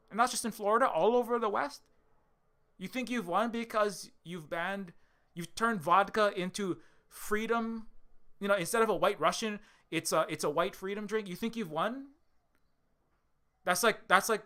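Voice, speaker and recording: A man's voice: on the high side, bright, forceful tone. A man giving a rambling commentary monologue, firing off sarcastic rhetorical questions and often restarting his sentences. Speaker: video essayist.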